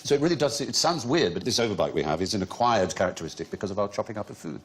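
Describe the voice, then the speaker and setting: Lively, erudite man hosting a quiz. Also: lowish voice, very fast. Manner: lively, erudite, laughing often. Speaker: quiz show host. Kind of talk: witty panel-show hosting.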